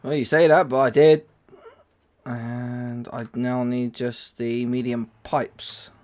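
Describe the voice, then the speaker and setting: A man hosting a gaming livestream in loose, casual chat. His voice sits at an ordinary middle pitch, and he rambles, restarting sentences and filling gaps as he goes. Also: little pitch movement, slow, a little mellow. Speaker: livestream host.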